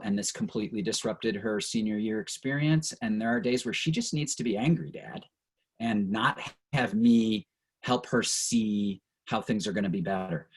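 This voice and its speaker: A middle-aged man with a fairly low, breathy voice leads an online training session over a video call. He's earnest and reflective, sometimes openly emotional, and the recording quality is low.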